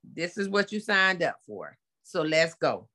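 A middle-aged mother talking casually and bluntly, telling animated stories about her sons with plenty of slang. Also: on the low side, a little slow. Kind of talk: casual chat.

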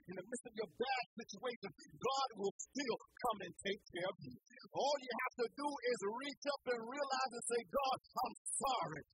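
A preacher delivering a sermon slowly and emphatically, returning again and again to the same rhetorical questions. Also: medium pitch, a bit bright, husky, low-quality recording.

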